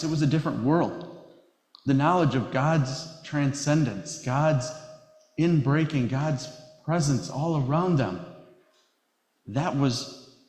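A pastor from Wisconsin delivering a sermon in a church sanctuary, measured and emphatic, slowing down on key phrases. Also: male voice, mid-range voice, darkish tone. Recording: echoey hall reverb.

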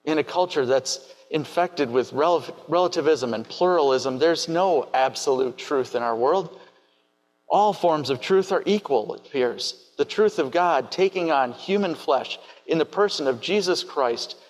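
Slow, husky-voiced male preacher. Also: a little high, lively intonation, low-quality recording. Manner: measured, reflective preaching with rhetorical questions. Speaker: pastor. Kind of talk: sermon.

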